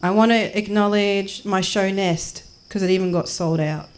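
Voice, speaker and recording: A woman's voice: medium pitch, steady tone, normal speed. Brash Australian woman doing stand-up. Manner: brash, jokey, acts out the people she quotes. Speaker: stand-up comedian. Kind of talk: stand-up comedy and spoken word. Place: small performance space.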